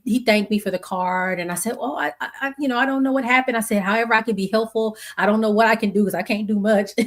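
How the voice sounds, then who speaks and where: Reflective woman in her forties. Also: medium pitch. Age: 40s. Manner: conversational, searching, with many restarts and acted-out quotes. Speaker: podcast host. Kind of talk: reflective personal monologue.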